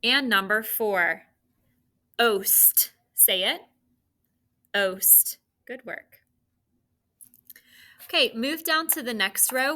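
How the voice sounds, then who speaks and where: A woman teacher dictating spelling sounds and words to students, with slow, clearly enunciated delivery. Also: medium pitch, pushed and bright.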